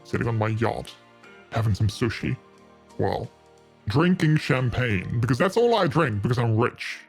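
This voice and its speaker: A man doing a put-on voice of a smooth, rich, seductive "daddy" man, slow and hushed, with a soothing low tone. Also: very animated, faint music behind. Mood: smug. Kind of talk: live stream banter.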